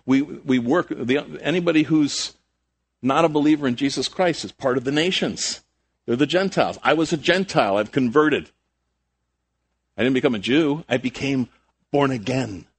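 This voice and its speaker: A man's voice: medium pitch, breathy edge. A man preaching a sermon, emphatic, with rhetorical questions and frequent restarts. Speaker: pastor.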